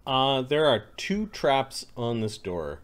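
A man's voice: medium pitch, very animated, slow, smooth. Guy running a tabletop game, easy descriptive narration, fillers here and there. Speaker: game master.

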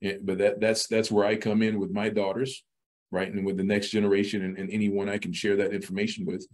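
Man, middle-aged, podcast guest, low voice, halting, repeats words. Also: little pitch movement, a little mellow. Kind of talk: casual interview talk.

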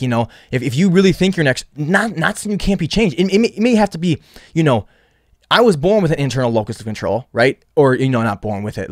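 A man's voice: mid-range voice, no echo, clean studio sound. A man hosting a solo podcast, rambling with frequent restarts and repeated words. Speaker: podcast host.

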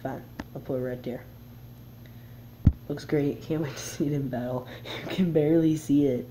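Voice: medium pitch, fairly even intonation, moderate pace, noisy background. A player giving casual gameplay commentary, reading the game's text aloud and chuckling at it along the way. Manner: reads game text aloud with chuckling asides. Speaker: game player.

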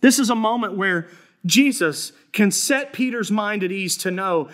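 Earnest high-voiced male pastor preaching. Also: lively intonation, a little slow, fairly bright tone. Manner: storytelling, earnest and conversational. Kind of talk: sermon.

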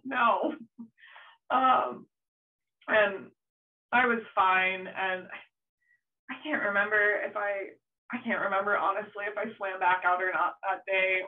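A young adult woman, a surf photographer, telling a story in a casual interview. She is animated, laughs often and acts out her own past shouts. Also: medium pitch, far from the mic. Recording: tinny phone-like line, off-mic.

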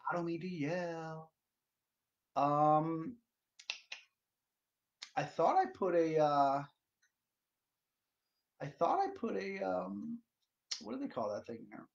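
A man hosting a casual solo livestream, loud and profane, rambling to his viewers. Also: on the high side, big pitch swings, takes it slowly, gravelly, long pauses. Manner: loud, profane, rambling, sings along to music. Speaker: livestream host. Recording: dull lo-fi stream audio.

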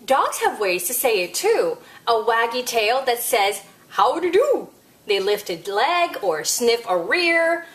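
Woman storyteller for kids, high and lively, slow, sing-song read-aloud. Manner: sing-song, expressive, playful asides. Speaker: children's storyteller host. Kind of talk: reading a picture book aloud to kids.

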